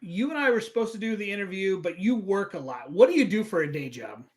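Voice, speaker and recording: A man's voice: high voice, animated, quick pace. A man hosting an interview, asking questions in a chatty, casual way over a video call. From United States. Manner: chatty, friendly, with many fillers. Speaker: interviewer and host.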